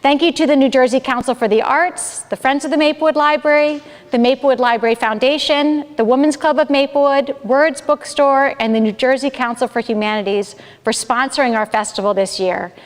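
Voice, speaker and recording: Woman library director, formal welcome, measured read, high voice, reverberant hall. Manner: reads prepared remarks, measured. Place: town hall event space. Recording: roomy hall with long reverb.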